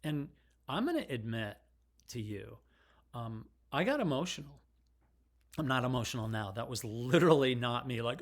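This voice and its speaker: Middle-aged guy rambling to his camera, frank, wanders off topic, mid-pitched voice. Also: big pitch swings, moderate pace. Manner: rambling and digressive, frank and emotional. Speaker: vlogger. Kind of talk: casual rambling monologue.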